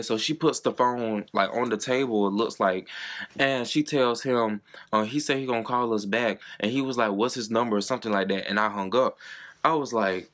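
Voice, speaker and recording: A man's voice: medium pitch, a bit bright. A young man, telling a personal story to camera in a chatty, dramatic way with plenty of swearing. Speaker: vlogger. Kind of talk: casual storytime monologue.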